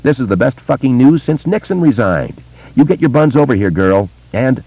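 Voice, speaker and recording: A man voicing a brash, profane, warm-hearted wealthy woman who talks excitably and swears freely. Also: lowish voice, moderate pace, no room sound, pitched above the performer's own voice. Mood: excited. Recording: dull lo-fi audiobook recording.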